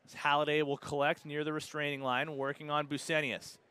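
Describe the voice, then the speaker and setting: A man with a Canadian accent calling live lacrosse play-by-play, brisk and steady, rising sharply on goals and saves. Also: on the high side, clean tone. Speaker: play-by-play commentator.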